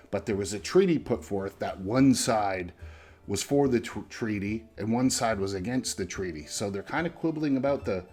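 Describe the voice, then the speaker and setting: A man hosting a movie review show talks through his opinions in a loose, conversational way, checking in with the listener through frequent "right?" and "you know" tags. His voice is on the low side, and faint music plays underneath. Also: a little mellow. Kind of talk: casual film review.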